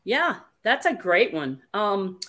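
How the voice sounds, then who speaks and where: A woman's voice: medium pitch, big pitch swings, slow pace, pushed and bright. A woman hosting a casual livestream chat, reading viewer comments aloud in a chatty, playful way.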